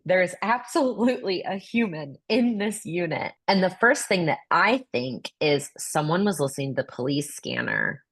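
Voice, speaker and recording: A woman, a real estate investor, telling a personal story in a blunt, vivid way, acting out what people said. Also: sits low. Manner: vivid, blunt, swears, acts out quotes.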